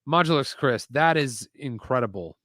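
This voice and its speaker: A man's voice: mid-range voice, lively intonation, normal speed, bright, forceful tone, no echo, studio quality. A man hosting a casual live stream while building a toy set, chatting loosely and reading out viewer comments. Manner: chatty, rambling, reads chat aloud. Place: home desk setup with screens.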